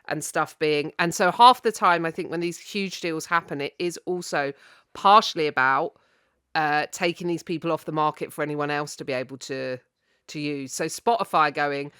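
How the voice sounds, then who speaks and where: A woman chats as a comedy panel guest, full of joking asides. Her voice sits low but sounds bright and crisp, and the mic is close and dry. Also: no echo. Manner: animated, joking, quick asides.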